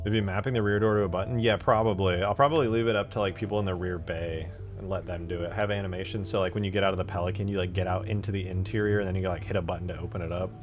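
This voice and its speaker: A young man chatting casually on a live stream while modding a game, laid-back, breaking into animated storytelling. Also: sits low, racing, few pauses, soft background music. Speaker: streamer and modder.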